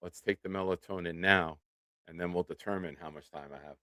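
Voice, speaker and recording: A man in his forties hosts a live fan show with a lowish voice, talking in a relaxed, self-deprecating way. He chats straight to viewers. The mic sounds close and dry. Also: brisk, dry recording. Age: 40s. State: nursing a swollen tooth. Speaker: podcast host. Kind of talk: casual live-stream chat.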